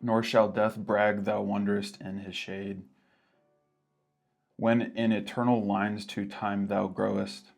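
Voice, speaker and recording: Wry deep-voiced man co-host. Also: flat delivery, vocal fry, faint music behind. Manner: wry, reads verse slowly and deliberately. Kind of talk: scripted educational banter.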